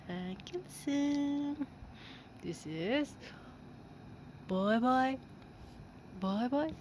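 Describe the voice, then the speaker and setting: A woman filming her cats at home, talking to them in slow, cooing baby talk and laughing often. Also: on the high side, animated, a little mellow, a little hiss or hum. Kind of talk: casual baby talk to kittens. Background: kittens meowing.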